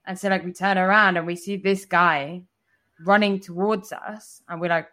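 Chatty, swearing woman with a lowish voice. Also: steady tone, moderate pace, bright, forceful tone. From foreigner living in India. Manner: chatty, with frequent swearing and many "like" fillers. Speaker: podcast co-host. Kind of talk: casual storytelling chat.

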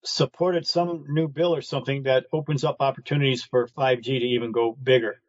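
A man's voice: mid-range voice, steady tone, a little fast, no room sound. A man chatting casually on a live online show, rambling and speculating with lots of restarts, heard over a video call. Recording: dull lo-fi call audio.

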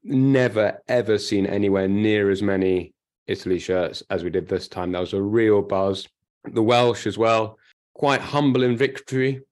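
A man's voice: lowish voice, steady tone, normal speed, darkish tone. A man co-hosting a casual sports podcast, talkative and emphatic, often restarting his sentences. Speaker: podcast co-host. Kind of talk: casual chat.

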